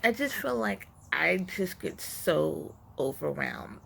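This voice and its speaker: A woman in her forties talks slowly and haltingly on a front porch, her speech a little muffled by something in her mouth. Her voice is heavily gravelly and quite bright. Faint outdoor ambience sits behind her. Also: sits high, animated, a little hiss or hum. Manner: soft, emotional, halting, with many pauses and fillers. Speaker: vlogger, stay-at-home mom. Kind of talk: heartfelt personal vlog talk.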